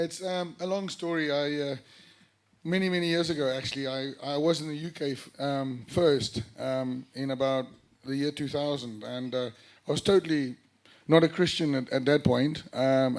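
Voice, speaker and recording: Halting South African pastor telling his story. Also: on the high side, fairly even intonation, darkish tone. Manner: halting, many fillers and restarts. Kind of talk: casual storytelling interview. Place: church during a live music evening.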